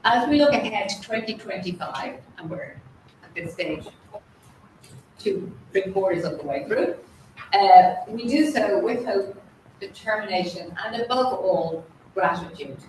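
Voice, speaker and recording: A woman chairing a meeting, giving a measured formal speech. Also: medium pitch, lively intonation, darkish tone, slight background noise. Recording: distant, very echoey hall.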